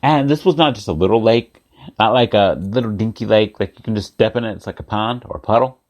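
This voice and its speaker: A man preaching a sermon, retelling a story in a lively way, repeating phrases and putting questions to his listeners. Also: fairly low pitch, brisk, muffled recording.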